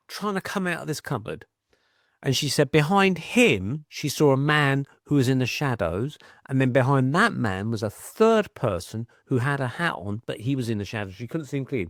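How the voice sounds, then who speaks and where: Middle-aged British male guest, animated storyteller, average pitch, dry recording. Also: no room sound. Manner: animated storyteller, acts out quoted voices, frequent restarts. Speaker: podcast guest. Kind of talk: conversational storytelling.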